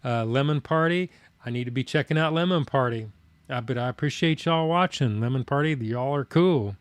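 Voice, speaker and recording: A man's voice: medium pitch, normal speed, clean tone, no room sound. Plainspoken man chatting on a live stream. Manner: plainspoken, folksy, rambling with fillers. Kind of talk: casual live-stream chat reading comments.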